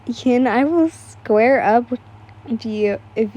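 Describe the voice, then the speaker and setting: A woman's voice: a little high, takes it slowly, mellow. A woman voicing a brash, pushy boy student in a fan story reading, blunt and demanding.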